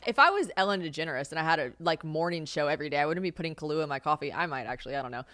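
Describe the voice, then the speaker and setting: A young woman hosting a podcast alone, with a light Southern American accent, chatty and animated, full of "like" and casual swearing. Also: low voice, very fast, no echo, clean studio sound. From Southern United States. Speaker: podcast host. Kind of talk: casual solo podcast chat.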